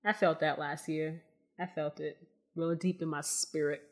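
A woman hosting a spiritual podcast, talking casually to her listeners in a soft, meandering way with many fillers and calling them y'all. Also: deep voice, fairly even intonation, moderate pace. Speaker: podcast host.

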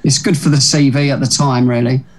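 A male comedian as an interview guest, laid-back and halting, swearing casually. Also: mid-range voice, fairly even intonation, a crowd in the background.

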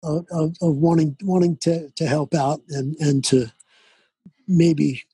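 An older man, a guest on a podcast, speaking in a halting way with many repeated words and gracious, formal phrasing. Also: a little high, fairly even intonation, mellow, breathy edge, no room sound. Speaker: guest musician. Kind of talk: casual chat.

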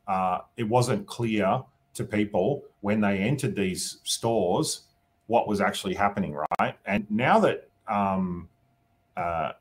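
Husky low-voiced Australian man. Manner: thinking aloud, often adds "you know" and "right?". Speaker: politician guest. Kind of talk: casual interview answers.

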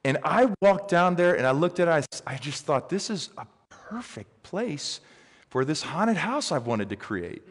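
A middle-aged man preaching a sermon, telling stories with lively swings in pitch and pace. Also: normal speed, hardly any pauses. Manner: animated storyteller with big pitch swings. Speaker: pastor. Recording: reverberant hall.

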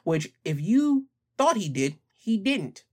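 A man's voice: high voice, very animated, takes it slowly. Young male vlogger, opinion commentary, emphatic, repeats for stress.

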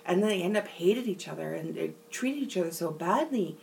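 A woman's voice: on the low side, expressive, a little fast, vocal fry, darkish tone, recorded from a distance, a little hiss or hum, low-quality recording. A woman co-hosting a podcast, talking earnestly and emphatically about her family and a past relationship. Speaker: podcast co-host. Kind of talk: candid personal conversation.

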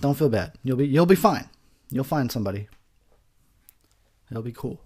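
Man, tipsy movie commentary, rambling, swears a lot, laughs often, average pitch. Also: expressive, normal speed, a little mellow, husky.

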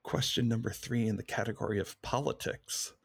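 Man, quiz host, low voice, gravelly fry, dry close sound, relaxed reading. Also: a little fast, dry recording. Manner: reads questions plainly, relaxed and agreeable. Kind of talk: casual trivia podcast.

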